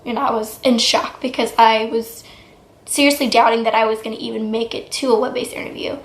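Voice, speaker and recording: Young woman vlogger, twenties, high-ish voice, excitable chatter, roomy echo. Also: fairly quick. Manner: chatty and excitable, many "like" fillers. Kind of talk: casual vlog storytelling. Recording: echoey room.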